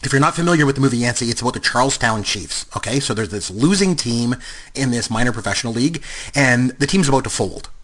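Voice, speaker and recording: Canadian man, 50s, podcast co-host, husky, rambling casual chat. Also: medium pitch, fast. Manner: rambling, animated, lots of fillers.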